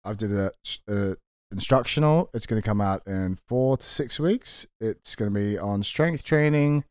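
A man's voice: on the low side, animated, measured pace, darkish tone, no echo, clean studio sound. A man hosting a casual podcast chat, joking with guests and plugging the show. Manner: laid-back, joking, plugs the show. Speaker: podcast host.

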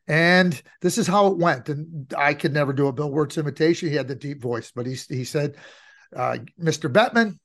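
A man's voice: a little high, moderate pace, fairly bright tone. A middle-aged man co-hosting a casual hockey podcast, telling stories and repeating phrases for emphasis. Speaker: podcast co-host.

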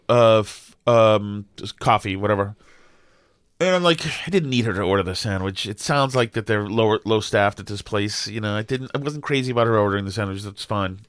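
A middle-aged man, co-hosting a podcast and telling a story in an animated, exasperated way with lots of restarts. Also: mid-range voice, no echo, clean studio sound. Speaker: podcast co-host. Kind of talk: casual storytelling chat.

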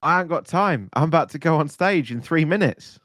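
A man's voice: fairly high pitch, lively intonation, brisk, a bit bright, dry recording. Man doing a stammering, flustered young singer, dry and close. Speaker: improv player. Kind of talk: improvised comedy scene.

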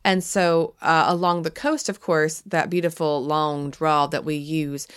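A woman co-hosting a relaxed podcast. Her voice is low and smooth, and she rushes ahead when she gets excited about a point. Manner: chatty, explains at length, speeds up when excited. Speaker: podcast co-host. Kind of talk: casual podcast chat.

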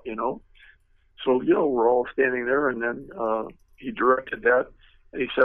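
This is anecdotal storytelling from an elderly former car designer whose talk meanders, full of fillers and restarts. His mid-range voice keeps a fairly even intonation at a normal speed, and the dry, echo-free audio has a tinny, telephone quality.

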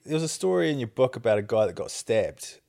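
A man's voice: mid-range voice, big pitch swings, fast talker, creaky, warm tone. A man hosting an interview who asks prompting questions and gives short reactions. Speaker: podcast host.

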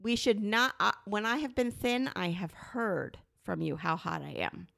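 A middle-aged woman talking candidly and emphatically with her husband, her voice jumping high when she insists. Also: unhurried, gravelly, a bit bright, no echo, studio quality. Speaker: podcast co-host, wife. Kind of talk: candid couple conversation.

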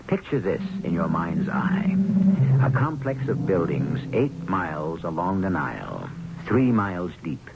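A man's voice: low-pitched, huge pitch swings, unhurried, vocal fry, heavy background noise. A male radio host giving theatrical, rhetorical narration between the acts of a drama. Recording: lo-fi radio recording with music.

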